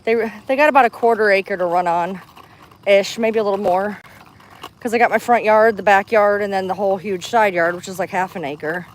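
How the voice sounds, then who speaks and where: A woman's voice: mid-range voice, brisk, slight background noise. Breathless woman chatting on a live walk. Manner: chatty, chirpy with strangers. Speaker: vlogger streaming live. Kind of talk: casual live walk-and-talk. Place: outdoors in a park, walking. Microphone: handheld phone.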